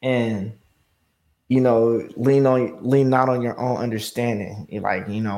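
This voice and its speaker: Hosting and steering a laid-back podcast, this man has a steady, darkish mid-range voice and a measured pace. His speech is slangy and loose, peppered with "bro" and "you know what I'm saying."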